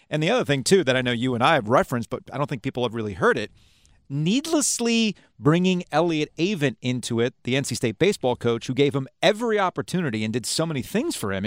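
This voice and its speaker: A man's voice: medium pitch, no room sound, clean studio sound. A man co-hosting a podcast, reading a narration in an emphatic, critical way. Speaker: podcast co-host. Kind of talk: scripted narration.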